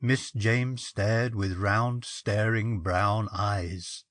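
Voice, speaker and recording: A man reading a ghost story aloud in a measured, expressive narration. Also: lowish voice, dry recording. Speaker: story reader.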